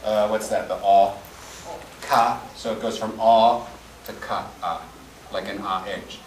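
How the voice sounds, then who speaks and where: A man teaching a voice-acting panel at a convention, animated and joking as he demonstrates sounds and takes questions from the audience. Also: lowish voice, measured pace, slight background noise. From Chicago. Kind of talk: lively panel talk with audience Q&A. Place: large convention panel room. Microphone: fan camera from the audience, far from the speaker. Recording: echoey hall recorded from far off.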